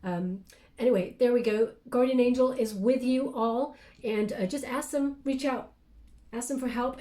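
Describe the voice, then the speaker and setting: A woman delivers a tarot reading in a casual, chatty way. Her voice sits a little high but sounds mellow and soft. She talks affectionately to her listeners, filling pauses with gentle fillers. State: briefly tearful then composing herself. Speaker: tarot card reader. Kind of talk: casual spoken card reading.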